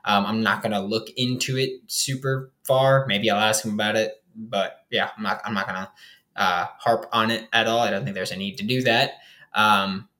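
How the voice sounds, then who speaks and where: On his laid-back football podcast, a young host loosely rambles through his team's roster with plenty of fillers. He speaks at normal speed in a lowish, steady, bright and forceful voice.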